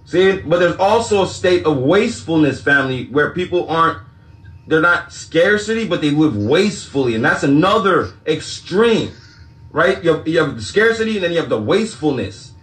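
A man's voice: on the high side, lively intonation, normal speed, fairly bright tone, echoey room. A man talking to his audience in a loose, profane, casual monologue, often breaking into laughter.

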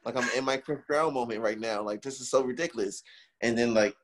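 A man's voice: medium pitch, brisk, noisy background. A young man in casual chat, animatedly telling a story, swearing and acting out the quotes.

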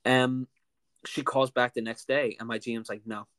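A man in his twenties telling a story in a casual, animated way, often saying "like", as a podcast host. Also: medium pitch, moderate pace, clean tone, dry recording. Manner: animated, heavy use of "like".

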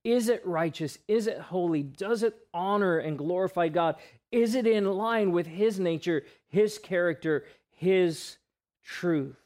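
A male pastor giving an earnest sermon, asking rhetorical questions and letting his voice drop soft on key words. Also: high voice, a little slow.

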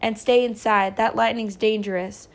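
A woman's voice: fairly high pitch, steady tone, normal speed, lightly acted. A woman reading aloud voices a stern, protective rural mother who gives firm, urgent orders.

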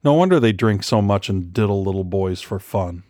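A man's voice: lowish voice, animated, moderate pace, dark tone, no echo, studio quality, lightly acted. A man voicing a sardonic, wisecracking male operative in an audiobook. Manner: sardonic, joking.

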